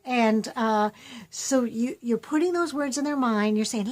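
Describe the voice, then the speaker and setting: A woman, a homeschooling mother, giving chatty, animated teaching tips in a casual vlog. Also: a little high, measured pace. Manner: chatty, animated, acts out voices.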